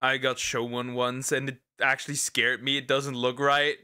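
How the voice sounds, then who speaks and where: A man streaming as a VTuber, giving live reaction commentary with disbelieving exclamations that jump up into high outbursts. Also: flat delivery, moderate pace, hardly any pauses, bright, forceful tone, smooth.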